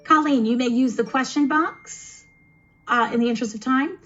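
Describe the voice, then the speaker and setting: On a video call, a woman runs and explains a demo of a kids' tabletop game as game master and presenter, sounding encouraging, teacherly, and chatty. Her high, slightly bright voice moves at normal speed, and the sound is lo-fi.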